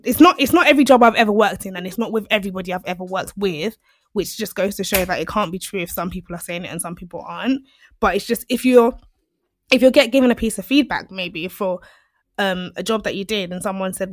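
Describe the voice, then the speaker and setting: A woman's voice: medium pitch, a little fast, no echo, clean studio sound. A woman, speaking bluntly and earnestly in a casual chat. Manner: blunt, earnest, explains at length.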